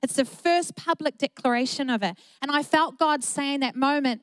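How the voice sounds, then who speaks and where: A woman's voice: sits high, normal speed, hardly any pauses, dry recording. A middle-aged woman pastor, preaching an earnest, emphatic sermon with repeated phrases.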